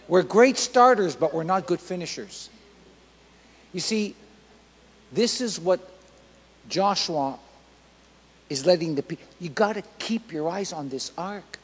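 Male pastor preaching with emphatic repetition, husky tone, in a reverberant church hall. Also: high voice, animated, measured pace, pauses often. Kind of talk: sermon.

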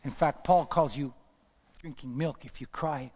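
Older male preacher, high voice, repetitive rising delivery, long hall echo. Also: unhurried. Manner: repetitive, building to shouted peaks. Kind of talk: sermon.

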